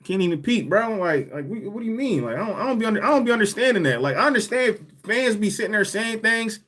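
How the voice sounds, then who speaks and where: Husky, animated male podcast host. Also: high voice, fast talker. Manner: animated, repeats himself, answers chat comments. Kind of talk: casual live podcast chat.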